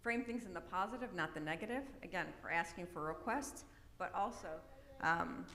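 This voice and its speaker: In a large church hall, a middle-aged woman presents an informal workshop with a bright, forceful tone. Her voice is on the low side and her pace moderate, and her chatty delivery is full of "right?" and "um." The recording is echoey with long reverb and faint noise.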